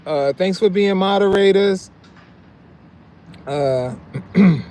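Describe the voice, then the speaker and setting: A middle-aged man with a fairly high voice chats loosely on a live stream, reading out viewer comments. He laughs often and drops into low mumbles. Faint street sounds hum behind him. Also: slow, pauses often, mellow.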